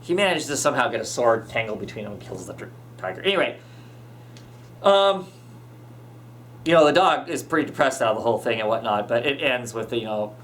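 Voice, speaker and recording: A man's voice: mid-range voice, expressive, a little fast, long pauses, fairly bright tone, slight background noise. A man hosting a podcast, chatting casually as he recaps a comic, full of fillers and restarts. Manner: rambling, many fillers and restarts. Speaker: podcast host.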